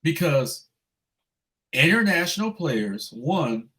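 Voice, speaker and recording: A man co-hosting a sports podcast, talking in a bright, forceful voice. His pitch swings widely as he rants and swears. He gets loud when he's worked up. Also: takes it slowly. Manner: animated and profane, ranting loudly when upset. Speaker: podcast co-host. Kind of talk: casual sports podcast chat.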